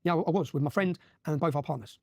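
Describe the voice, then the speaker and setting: Man, very fast talker, emphatic storytelling, voice a touch high, dry close sound. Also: vocal fry, darkish tone, no room sound. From Luton, England. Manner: rapid, emphatic, keeps checking with "yeah?". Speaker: interview guest. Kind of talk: animated personal storytelling.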